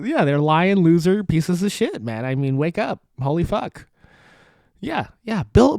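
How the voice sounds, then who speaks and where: A man's voice: high voice, creaky, a little mellow, no echo. A young man hosting a podcast from his studio apartment, ranting with sarcasm, cursing, laughing often and trailing off. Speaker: podcast host. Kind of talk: casual ranting commentary. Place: studio apartment at a foldable table.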